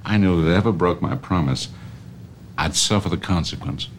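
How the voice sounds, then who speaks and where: An actor playing a smooth, menacing older male tobacco company boss in a film scene, with a put-on Southern US accent and veiled threats. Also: deep voice, fairly quick, slight background noise, lightly acted. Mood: quietly menacing. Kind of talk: film drama acting.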